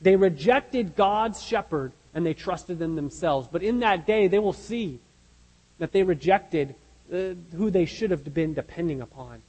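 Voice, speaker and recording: A man's voice: sits high, animated, unhurried, a little mellow, breathy edge, long reverb tail, rough recording. A man preaching a sermon as pastor, earnest and emphatic, asking his listeners rhetorical questions.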